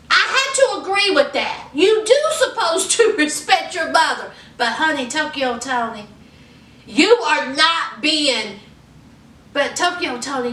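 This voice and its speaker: A woman giving a casual, sassy gossip recap in an animated storytelling way, calling her viewers honey and y'all. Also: extremely high pitch, recorded from a distance. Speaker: recap vlogger. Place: indoor room under hot lights. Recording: roomy, mic set back.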